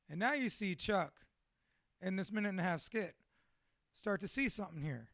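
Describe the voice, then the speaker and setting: A man's voice: sits high, fairly quick, no room sound, studio quality. A man, a tattoo artist, telling stories in a casual chat, swearing constantly and laughing as he goes. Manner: profane, animated, laughs through his stories. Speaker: tattoo artist and podcast guest.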